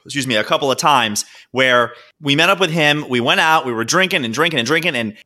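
A man co-hosting a casual podcast, telling lively stories and acting out what people said. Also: mid-range voice, fast. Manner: animated storyteller, acts out quotes, laughs often. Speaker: podcast co-host. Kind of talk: casual chat.

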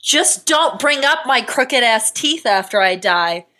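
An American woman hosting a podcast, telling a true-crime story in a profane, sarcastic, animated way. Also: on the high side, takes it slowly. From United States. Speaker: podcast host.

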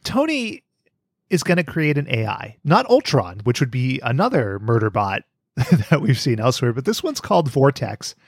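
A man hosting a podcast, recapping an episode in a joking, profane, animated way. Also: medium pitch, moderate pace, no echo, clean studio sound. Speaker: podcast host. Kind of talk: casual chat recapping an episode.

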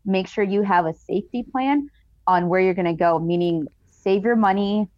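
A woman's voice: mid-range voice, normal speed, darkish tone, no room sound. A woman guest on a podcast telling her story candidly, earnest and emotional. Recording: dull, dry sound.

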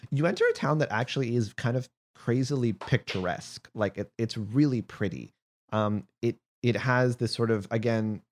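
A man narrating a tabletop fantasy game as game master, describing scenes in a relaxed way with fillers. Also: lowish voice.

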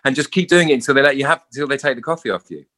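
A man's voice: mid-range voice, very fast. A man, an actor being interviewed, chatting casually and acting out the people in his stories. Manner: animated storyteller acting out quotes. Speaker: actor guest.

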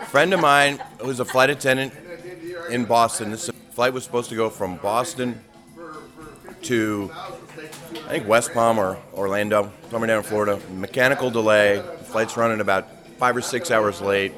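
A man's voice: fairly low pitch, moderate pace, over music. A man telling a story a flight attendant friend passed on to him, acting out the people in it. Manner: animated, acts out the people in the story. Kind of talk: casual storytelling.

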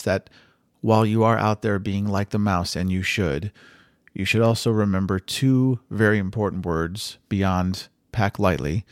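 A man with a low, gravelly voice hosts his travel podcast, recorded dry with no room sound. He tells a personal story in an earnest, reflective way. He sounds encouraging throughout. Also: no room sound. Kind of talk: storytelling monologue.

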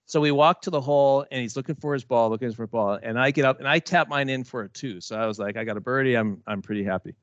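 A man's voice: medium pitch, quick pace, hardly any pauses, a bit bright, no room sound, muffled recording. A man co-hosting a podcast, telling a long story in casual chat with many false starts and restarts. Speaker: podcast co-host.

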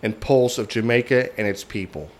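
A man's voice: mid-range voice, normal speed, lightly acted. A man putting on a shaky island-accented reading. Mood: mock-solemn. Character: man attempting a Jamaican-accented label reading.

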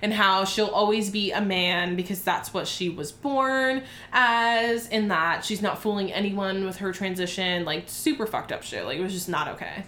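A woman tells a story in a brash, profane, lively way. She chats casually, trading remarks with her co-hosts. Her voice sits at a middle pitch and carries a roomy echo. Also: normal speed, hardly any pauses, a little hiss or hum. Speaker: podcast co-host.

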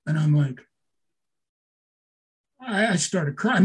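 A man's voice: very high voice, measured pace, long pauses, slightly rough. An older man telling a story in casual talk, swearing a lot, getting emotional and restarting his sentences. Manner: emotional, swears often, repeats himself. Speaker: storyteller guest.

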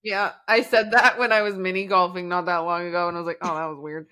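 Woman, podcast co-host, video call, bright edgy voice, laughs easily, mild exclamations. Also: fairly low pitch, steady tone, fast talker. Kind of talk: casual chat.

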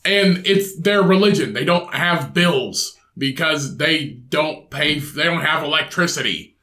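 Male podcast co-host, high animated delivery, joking, recorded in an echoey room. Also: measured pace. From Indiana. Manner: joking, puts on silly voices. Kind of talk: casual chat.

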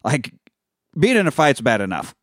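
A man's voice: mid-range voice, big pitch swings, normal speed, fairly bright tone, no echo, clean studio sound. A man casually recapping a film on a podcast, swearing freely and quoting characters as he goes. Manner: profanity-laced storytelling with quoted character voices.

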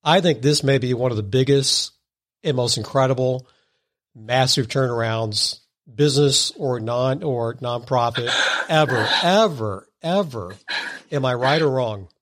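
A man's voice: medium pitch, measured pace. A man with a mid-range voice hosts an interview. He poses his questions with eager emphasis and leans hard on the words he wants to stress. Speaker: interview host.

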